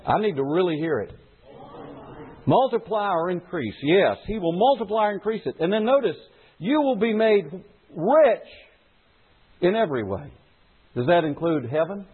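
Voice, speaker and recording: A man's voice: sits high, very animated, normal speed, long pauses, slightly rough. A middle-aged male pastor preaching a sermon, putting rhetorical questions to his congregation. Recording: phone-like lo-fi recording.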